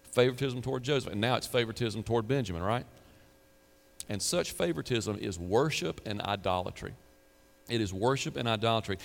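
Middle-aged man preaching a sermon in a reverberant hall. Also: mid-range voice. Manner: conversational preaching with rhetorical questions and asides. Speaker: pastor.

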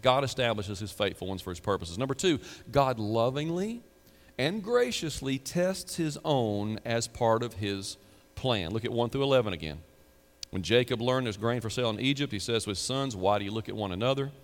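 A man's voice: medium pitch, expressive, moderate pace. Middle-aged man preaching a sermon in a reverberant hall. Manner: conversational preaching with rhetorical questions and asides. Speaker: pastor.

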